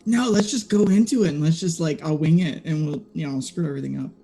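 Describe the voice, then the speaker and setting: A man playing in a tabletop game, giggling often and quick to apologize. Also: a little high, dark tone, soft background music. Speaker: player. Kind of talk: casual chat.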